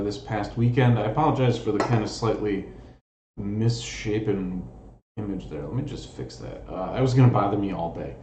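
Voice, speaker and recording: A man's voice: on the low side, dark tone, highs cut off. A man hosting a live stream, chatting casually in a jokey, rambling, self-mocking way. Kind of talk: casual chat. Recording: echoey room with faint noise.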